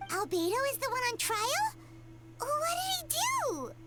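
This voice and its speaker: A woman voicing a tiny, excitable female fairy companion in a video game, with a squeaky, childlike voice. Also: measured pace, heavily acted. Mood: eager. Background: loud game music.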